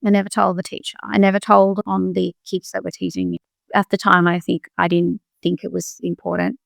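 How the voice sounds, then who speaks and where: A middle-aged woman answers interview questions, thinking aloud in short, halting phrases. Her low voice carries heavy vocal fry. The sound is dry and close, with no room around it. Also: level tone, no room sound. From Australia. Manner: reflective, speaks in short restarting phrases. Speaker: guest, doctor. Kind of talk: interview conversation.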